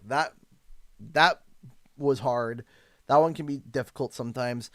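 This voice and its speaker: A Canadian man live-streaming a game, excitable and thanking viewers over and over. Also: medium pitch, unhurried, no echo, studio quality. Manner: excitable, thanks donors warmly and often. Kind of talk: live gameplay stream chat.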